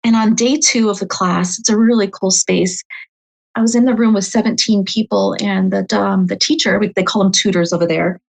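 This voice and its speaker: A woman's voice: mid-range voice, brisk, gravelly, poor audio. Chatty middle-aged woman telling a story. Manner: animated, chatty storytelling with frequent "right?". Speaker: psychic medium guest. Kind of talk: storytelling interview.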